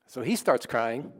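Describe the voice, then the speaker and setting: A pastor telling a story in his sermon, in a conversational and animated way. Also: mid-range voice.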